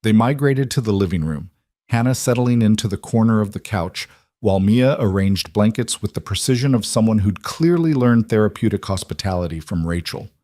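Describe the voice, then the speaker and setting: A man reading a scripted story in an even, measured narration. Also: fairly low pitch, dry recording, studio quality.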